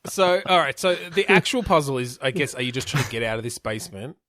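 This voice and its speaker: A man's voice: mid-range voice, expressive, fast talker, pushed and bright. A man hosting a podcast, steering a game-design brainstorm with questions and frequent restarts. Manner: steers the talk, asks questions, self-correcting restarts. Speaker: podcast host.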